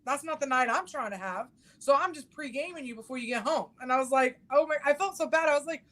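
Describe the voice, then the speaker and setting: A middle-aged woman hosting a casual chat, blunt and quick to swear, acting out what people said. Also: high voice, lively intonation, a bit bright. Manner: blunt, swears freely, acts out quotes. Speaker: podcast host.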